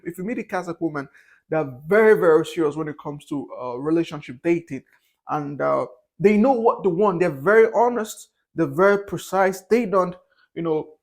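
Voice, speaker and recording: A young man with a notably high voice shares his views in a loose, unscripted monologue. He speaks candidly and wanders from point to point, often restarting his sentences and filling the gaps with "uh" and "you know". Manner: candid, rambling, with frequent fillers and restarts. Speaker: vlogger. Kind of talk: casual opinion monologue.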